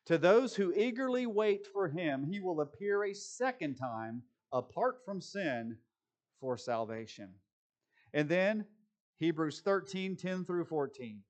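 A man preaching a sermon, moving between quick conversational asides and slow, deliberate scripture reading. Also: fairly high pitch. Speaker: pastor.

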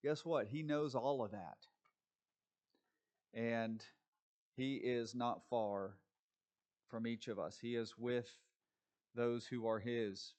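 A man preaching a sermon in a conversational, animated way, often acting out voices and restarting his sentences. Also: mid-range voice, takes it slowly, long pauses.

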